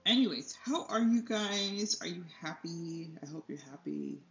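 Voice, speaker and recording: A woman's voice: on the low side, animated, unhurried, soft background music. A young woman hosting an art tutorial, chatting casually while she paints at home, rambling, losing her train of thought and laughing often. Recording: slightly dull lo-fi sound.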